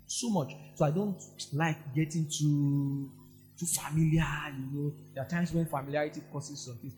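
Nigerian pastor guy preaching, kinda high voice, goes quiet then loud, faint music under it. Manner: animated, swings from soft asides to loud outbursts. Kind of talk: sermon.

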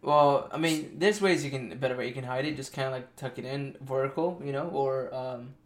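A young man on a podcast who talks things through loosely. He restarts often and leans on "you know" as he goes. His voice sits at an ordinary pitch for a man. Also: brisk. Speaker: podcast co-host. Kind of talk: casual chat.

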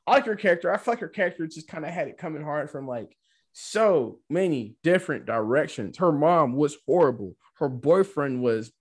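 Male podcast co-host, slightly high voice, rambling casual chat, keeps tossing in "right?". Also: fairly quick, husky. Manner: rambling, animated, frequent "right?" asides.

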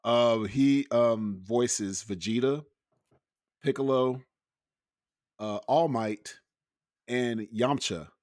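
A man co-hosting a podcast in casual chat, relaxed, retelling scenes. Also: mid-range voice, very slow, long pauses, dry recording, studio quality. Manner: relaxed, storytelling. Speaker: podcast co-host.

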